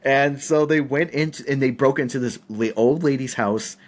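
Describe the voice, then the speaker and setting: A man's voice: medium pitch, normal speed. A man from the United States, a podcast guest telling set stories in casual chat, laughing often. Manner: animated, laughs often, acts out quotes.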